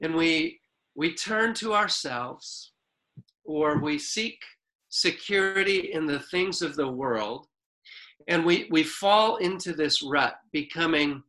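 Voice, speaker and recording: Man, sermon, slow delivery, bright tone, fairly high voice. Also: rough recording. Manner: unhurried, conversational preaching with a few restarts; reads scripture slowly and deliberately. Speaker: pastor.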